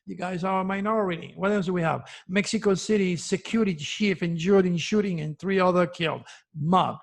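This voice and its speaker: A man's voice: high voice, husky. A man hosting his own show, giving an impassioned, preachy monologue full of warnings and repeating words for emphasis. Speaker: astrologer host. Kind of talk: emotional monologue to camera.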